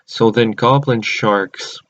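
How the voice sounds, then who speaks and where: A man with a lowish voice giving a casual, rambling recap of cartoon episodes, and he keeps stopping to restart or correct himself. The recording sounds dull and lo-fi. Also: slow, a bit bright.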